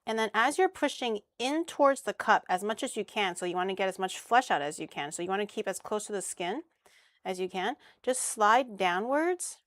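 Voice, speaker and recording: A woman's voice: mid-range voice, a bit bright, dry recording, studio quality. A young woman streaming as she cooks, chatting casually with crude jokes and easy swearing. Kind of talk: casual cooking stream chat.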